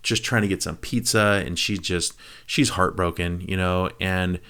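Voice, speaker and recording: Deep-voiced man retelling a movie plot. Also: smooth. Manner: animated storytelling, quick asides to the viewer, acts out quoted lines. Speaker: movie review vlogger. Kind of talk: casual retelling of a film plot.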